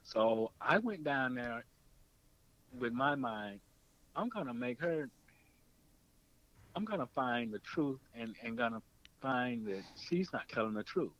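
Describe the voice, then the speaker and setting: Slow and full of pauses, this former radio producer turned documentary filmmaker recounts a long tale during an interview. He brings quoted people to life with pitch jumps, and the recording is rough.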